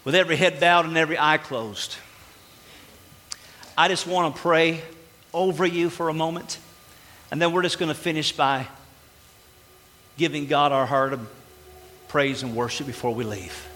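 A man preaching a sermon as pastor to his church, animated and exclaiming, acting out little dialogues. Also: fairly high pitch, normal speed, pauses often, big-room sound. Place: church sanctuary.

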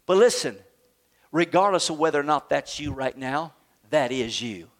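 High-voiced preaching man. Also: expressive, moderate pace. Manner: call-and-response preaching, rising to shouts. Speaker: pastor. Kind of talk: sermon.

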